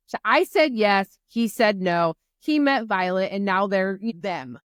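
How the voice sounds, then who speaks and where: A woman's voice: medium pitch, unhurried, smooth, dry recording, clean studio sound. A woman co-hosting a podcast, retelling a book's plot in casual chat and acting out the characters' lines. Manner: animated retelling with voiced quotes. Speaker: podcast co-host.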